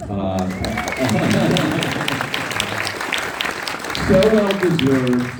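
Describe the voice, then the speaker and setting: A man's voice: mid-range voice, very animated, drawn-out words, a loud crowd, very noisy. A man moderating a theater panel, chatty and hesitant with lots of fillers. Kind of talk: casual panel interview. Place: theater stage. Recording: echoey theater, distant mic.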